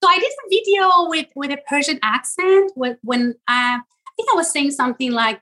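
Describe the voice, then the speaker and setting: Iranian woman, 40s, guest; high-ish, bright, lively storyteller who laughs a lot. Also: normal speed, poor audio. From Iran. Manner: animated storytelling, laughs often, many fillers. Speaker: guest, content creator. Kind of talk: casual interview chat.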